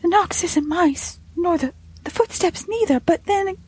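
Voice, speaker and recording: Woman doing a high-pitched nervous maidservant girl. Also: darkish tone. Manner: high, hurried, stammering. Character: young nervous maidservant girl, timid and evasive.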